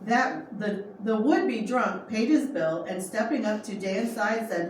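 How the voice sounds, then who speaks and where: A woman reading a true story aloud as narrator, steady with small restarts. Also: mid-range voice, a little slow, few pauses. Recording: echoey room, far from mic, faint noise.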